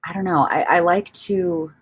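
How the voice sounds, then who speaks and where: On her relaxed livestream, this host reads out viewer comments and meanders through her thoughts, with plenty of laughs and casual cursing. Her voice is husky and fairly low, with fairly even intonation at a normal pace.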